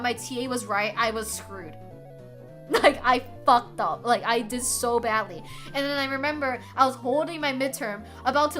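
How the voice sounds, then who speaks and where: A young woman streaming, telling a story to her chat in a casual, animated way, laughing often and swearing freely. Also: high-pitched. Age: young adult. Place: home streaming setup.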